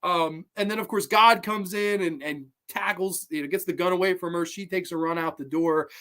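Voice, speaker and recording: A man's voice: high voice, normal speed. Profane, rambling man reviewing films. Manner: rambling, profane, animated, lots of fillers. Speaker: podcast host. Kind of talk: casual film review.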